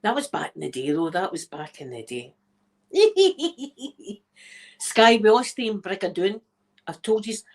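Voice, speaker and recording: A woman's voice: medium pitch, very animated, unhurried. A Scottish woman, an ASMR creator, chatting casually to her viewers as she tells a story, laughing often and checking in with "right?". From Scotland.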